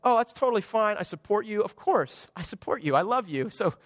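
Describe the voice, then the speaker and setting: A man's voice: high voice, expressive, a little fast, dry recording, clean studio sound, in a large hall. A man doing a breezy, agreeable wife. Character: cheerfully accepting wife in an absurd skit.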